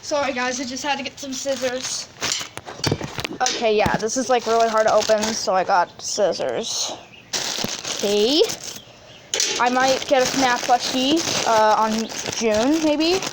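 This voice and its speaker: A woman's voice: on the high side, measured pace, background noise. A teenage girl in a casual unboxing video, gushing and chatty with lots of fillers. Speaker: vlogger.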